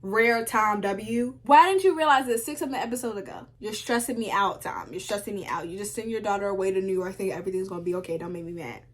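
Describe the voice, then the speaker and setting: A young woman recapping a TV show in casual commentary, sassy and animated, talking back to the characters. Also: medium pitch, fast, few pauses, slight background noise. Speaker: video essay host.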